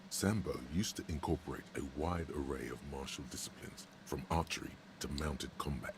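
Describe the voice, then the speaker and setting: A man voicing a sardonic inner-voice narrator in a video game, speaking in dry, measured tones. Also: a bass voice, music in the background. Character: deep male inner voice narrating a game, wry and grave.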